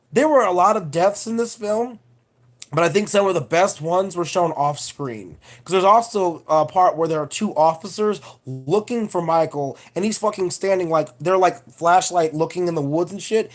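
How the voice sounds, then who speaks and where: A woman vlogger giving a casual, profane, digressive film review rant. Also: on the low side.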